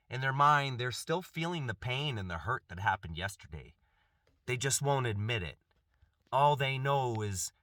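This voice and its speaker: Impassioned man, bright dry voice. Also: medium pitch, no echo. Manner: impassioned, repeats and restarts phrases. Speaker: self-help speaker. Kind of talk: earnest spoken monologue.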